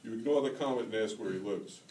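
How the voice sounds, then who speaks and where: Low-voiced man reading in an echoey hall. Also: slight background noise. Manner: steady, measured reading of second-person prose. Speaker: author reading his own work. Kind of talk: reading prose aloud at a graduate reading. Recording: roomy hall, taken from far off.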